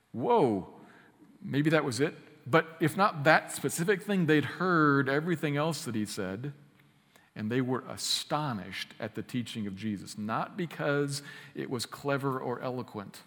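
Man preaching a sermon, slows way down to hammer key words, big hall reverb. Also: mid-range voice, fairly bright tone. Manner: emphatic, with slow stressed phrases and quick asides. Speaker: pastor.

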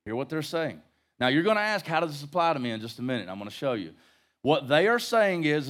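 A man's voice: on the high side, very animated, fast talker, fairly bright tone. A middle-aged male pastor teaching verse by verse in a conversational sermon, with jokes and rhetorical questions to the congregation. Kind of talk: expository Bible-study sermon.

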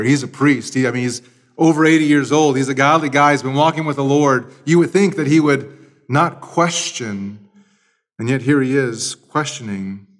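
A man preaching an expository sermon, speaking emphatically, swinging between loud and quiet, and repeating key phrases. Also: medium pitch. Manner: emphatic preaching with lively shifts in loudness. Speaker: pastor.

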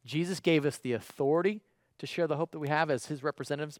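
A man preaching a livestreamed sermon, conversational and emphatic, moving between loud exclamations and quiet pleading. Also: fairly high pitch, fast, no room sound.

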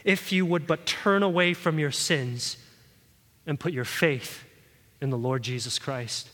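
A man preaching a sermon in a church hall, earnest and pleading, his voice swelling louder at key points. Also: a little high, measured pace. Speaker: pastor.

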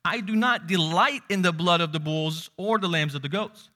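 A man preaching a sermon, moving between loud emphasis and hushed low asides, quoting scripture. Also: moderate pace. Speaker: pastor.

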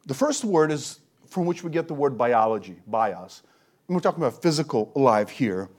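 A man preaching a sermon, working through scripture with lively emphasis and rhetorical questions. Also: a little high. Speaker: pastor.

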